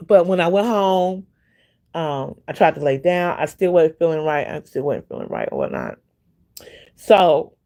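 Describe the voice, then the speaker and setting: A woman hosting a casual livestream, telling a long personal story in a rambling, repetitive way with many fillers and breaking off to greet viewers by name. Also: on the low side. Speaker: livestream host.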